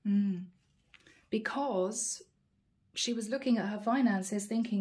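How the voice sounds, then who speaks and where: A woman's voice: medium pitch, slow pace, pauses often, darkish tone. A woman giving a channeled tarot reading, musing aloud and naming each card in short bursts. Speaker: tarot reader.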